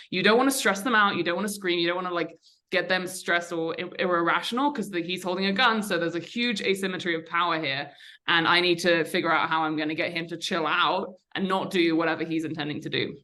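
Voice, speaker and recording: A young woman speaks as a podcast guest, telling her own story in a chatty, candid way. Her voice sits on the low side yet rings bright and forward. She pauses on fillers and restarts her sentences as she goes. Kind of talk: conversational storytelling.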